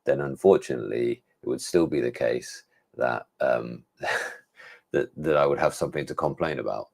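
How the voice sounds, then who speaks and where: Hosting a casual livestream as a tech reviewer, this English-accented man muses about gadgets, rambling and restarting often with plenty of fillers. His bass voice is gravelly and a little mellow, with a breathy edge, at a moderate pace.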